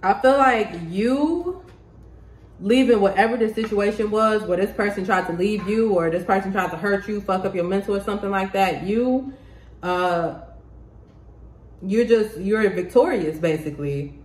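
A woman giving a casual tarot reading to the camera, excitable, laughing often and swearing freely. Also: mid-range voice, moderate pace. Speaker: tarot reader. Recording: roomy echo.

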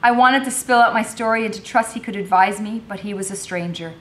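A woman's voice: mid-range voice, fairly quick. A woman teacher reading a novel aloud, narrating expressively.

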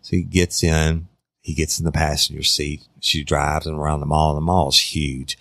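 A middle-aged man tells a true-crime story as a podcast host. His voice is extremely deep and gravelly. The sound is dry and close. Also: little pitch movement, normal speed, fairly bright tone, no room sound. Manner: conversational, addresses listeners directly.

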